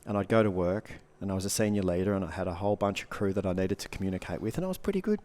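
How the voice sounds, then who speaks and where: Lowish-voiced man talking animatedly. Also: very fast. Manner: animated, swears freely, acts out quoted reactions. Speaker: guest coach and speaker. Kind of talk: casual podcast conversation.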